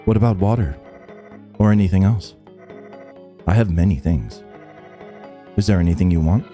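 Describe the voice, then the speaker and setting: A man voicing a meek, soft-spoken old male stranger who talks in a timid, halting way. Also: sits low, soft background music, pitched below the performer's own voice, lightly acted. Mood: insistent.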